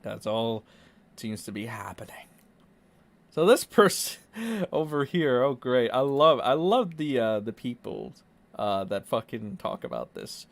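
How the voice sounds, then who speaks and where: A man's voice: medium pitch, lively intonation, a little slow, gravelly. A young man ranting sarcastically as a casual online commentator, swearing freely. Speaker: YouTube commentator.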